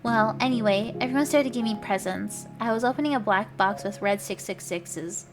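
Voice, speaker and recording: A woman streamer reading a story aloud for laughs, shouting the quoted lines over the top and breaking off for wry asides. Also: a little high, moderate pace. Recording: clear background music under voice. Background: background music.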